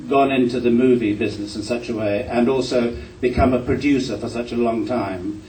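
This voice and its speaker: A man's voice: mid-range voice, a little mellow. An older man from Glasgow, a guest actor on a convention panel, answering a question with self-deprecating humour and a few stammered restarts. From Glasgow, Scotland. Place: convention hall. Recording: echoey hall, distant mic, faint noise.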